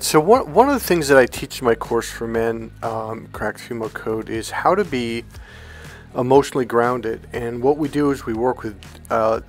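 A self-help coach hosts his own channel, speaking straight to camera in a mid-range voice. His casual talk is calm, relaxed and comfortable, rambling along with restarts and frequent "okay?" check-ins.

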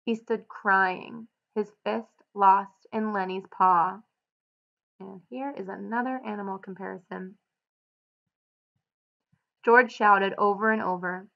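Woman teacher, read-aloud with clear explanatory annotations, slightly muffled recording. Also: mid-range voice, fairly even intonation, slow pace, pauses often.

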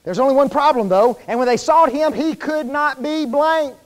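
A man with a high voice preaches a sermon, chatty and folksy, quizzing his congregation as he goes. His voice carries a long reverb from the church hall. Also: moderate pace. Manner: conversational, quizzes the congregation with fill-in questions; folksy, informal wording. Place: church sanctuary.

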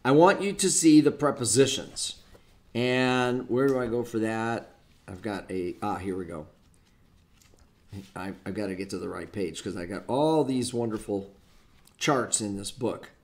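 A man's voice: on the low side, unhurried, a little mellow. A man teaching an informal Bible study lesson on Greek grammar, explaining step by step and muttering to himself as he hunts through a book. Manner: rambling, talks to himself while hunting through a book.

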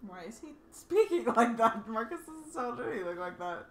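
A woman's voice: on the high side, very animated, normal speed. A woman co-hosting a gameplay video, chatty and enthusiastic about the game, often exasperated by her partner's jokes. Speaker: let's play co-host. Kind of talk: casual gameplay chat. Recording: roomy echo.

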